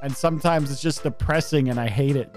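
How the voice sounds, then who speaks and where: A man's voice: medium pitch, a little fast, a little mellow, faint music behind. A male streamer talking casually and sarcastically while playing a game live.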